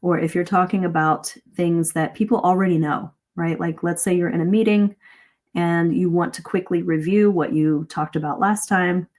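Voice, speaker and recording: A woman teaching English speaking in a live online lesson, lively and demonstrative, asking her listeners questions. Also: lowish voice, normal speed.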